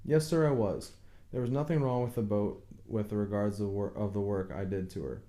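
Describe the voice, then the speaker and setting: A man's voice: on the low side, a little fast, dark tone, close to an everyday voice. A man reading an audiobook, voicing a stubborn village boat builder who speaks plainly but insistently and deferentially to authority.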